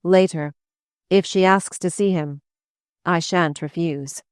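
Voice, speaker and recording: A woman narrator gives voice to a wounded young husband and father, stubborn under his hurt. The voice sits low, quiet and restrained. It comes across smooth and dry, close to the mic. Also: fairly even intonation, slow, no echo. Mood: reproachful.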